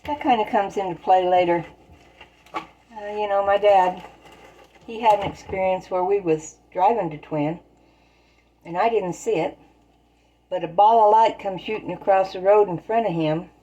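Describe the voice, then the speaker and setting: A woman's voice: mid-range voice, normal speed, long pauses, warm tone, dull audio, slight background noise. A woman telling folksy stories in plain, rural turns of phrase while she bakes in her home kitchen. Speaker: storyteller and home baker. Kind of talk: casual spoken storytelling while baking.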